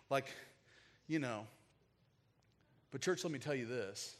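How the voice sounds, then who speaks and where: A man's voice: medium pitch, animated, slow, pauses often. A man preaching a sermon, telling a heartfelt personal story in an emotional, casual way with frequent filler words. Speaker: pastor.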